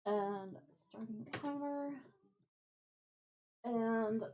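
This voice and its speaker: A woman on a craft live stream who quietly counts her stitches under her breath, then chats casually to her viewers. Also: on the high side, extremely slow, slight background noise, poor audio. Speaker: craft livestreamer. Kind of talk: casual live-stream chat while knitting.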